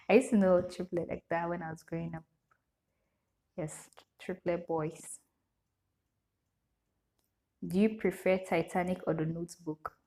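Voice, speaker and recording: A young woman with a Nigerian English accent chats straight to camera, reading out questions and answering them one after another. Her voice sits a little low for a woman, and she breaks into laughter often. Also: fairly even intonation, unhurried, pauses often, mellow. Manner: chatty, reads questions aloud then answers with frequent laughter. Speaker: vlogger. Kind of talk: casual Q&A chat to camera.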